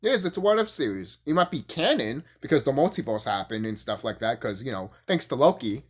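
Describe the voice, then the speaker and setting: Rambling, animated young man ranting. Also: brisk, breathy edge. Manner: rambling, profane, laughs often, many fillers; animated, jumps high when excited. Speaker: YouTube reviewer. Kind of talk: casual rant and review.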